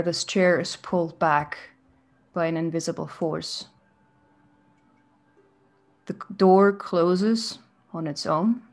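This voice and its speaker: Woman game master, slow descriptive narration, low voice, faint music.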